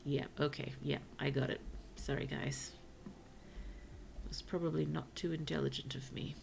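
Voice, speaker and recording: A tired woman streamer gently chatting with her viewers during gameplay, softly spoken and often dropping to a whisper. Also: low-pitched, fairly even intonation, normal speed, vocal fry, a little hiss or hum. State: tired, yawning. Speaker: virtual streamer. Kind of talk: casual gameplay commentary to chat.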